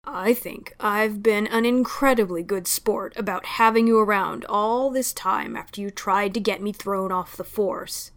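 A weary male police inspector, dry-humoured and controlled, speaking in a level, quiet way even when crossed, as a woman reads his lines. He sounds like a tired man from a storybook reading, never raising his voice. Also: mid-range voice, measured pace, few pauses, close to an everyday voice. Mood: cold.

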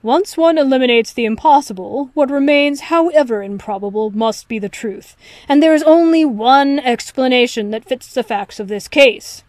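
A woman's voice: high voice, normal speed, darkish tone, no room sound, lightly acted. Woman reading as a cutting, arrogant male detective. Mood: lecturing. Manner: crisp, lecturing, dismissive. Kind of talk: audiobook reading of fan fiction.

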